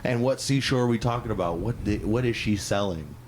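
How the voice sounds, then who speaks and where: A man's voice: lowish voice, brisk, noisy background. A man co-hosting a comedy podcast, riffing playfully and stumbling through tongue twisters. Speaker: podcast co-host. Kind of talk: casual comedy banter.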